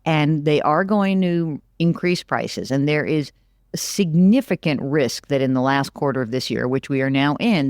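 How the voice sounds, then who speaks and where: Appearing as an interview guest, this middle-aged business analyst talks animatedly about the economy, repeating words frequently for emphasis. She has a deep voice, and the dry recording is of studio quality.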